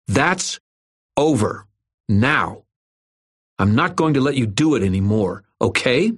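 A man's voice: mid-range voice, expressive, slow pace, pitched above the performer's own voice. A man voicing a big, strong young boy who snarls firm warnings, in an audiobook. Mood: firm anger. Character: large, strong young boy, angry but kind.

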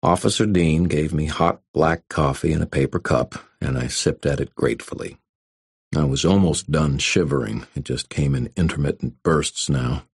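A man's voice: rumbling low, normal speed, creaky, slightly rough, no room sound. A man reading a first-person story aloud with dry, wry delivery. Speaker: audiobook narrator. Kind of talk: first-person audiobook narration.

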